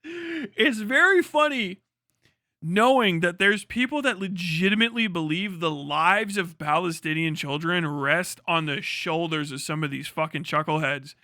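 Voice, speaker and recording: A young male streamer from the United States rants bluntly, swearing freely. His voice sits high for a man and sounds very bright and sharp. The sound is close and dry, with no room around it. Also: a little slow, dry recording. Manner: blunt, profane, ranting. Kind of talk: casual live-stream commentary.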